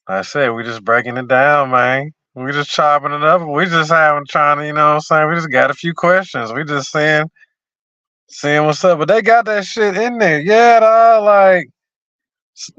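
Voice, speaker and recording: A laid-back man chatting in slang, his voice a touch high. The recording is dry and slightly dull, with no room sound. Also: fairly bright tone, clean tone, dry recording. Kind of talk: casual chat.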